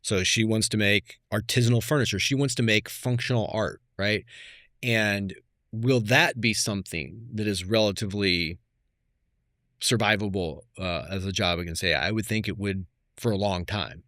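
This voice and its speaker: 50s guy guest on a podcast, lowish voice, thoughtful storyteller, dry sound. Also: moderate pace, no room sound. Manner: reflective storytelling, trails off softly. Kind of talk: casual conversation.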